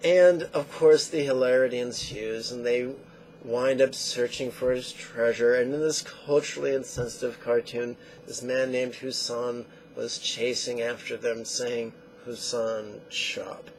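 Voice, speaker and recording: A man teaching meditation, who tells lively stories and acts out the quotes. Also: medium pitch, measured pace, a little hiss or hum. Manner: animated storyteller acting out quotes. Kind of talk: spoken meditation lesson.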